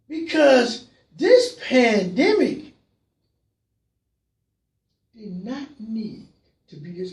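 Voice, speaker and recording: Talk host, fervent monologue, repeats lines for emphasis, recorded off-mic in an echoey room. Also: far from the mic. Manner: passionate, repeats phrases, swings from low murmurs to shouts. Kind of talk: call-in talk show monologue. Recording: roomy sound, voice from away from the mic.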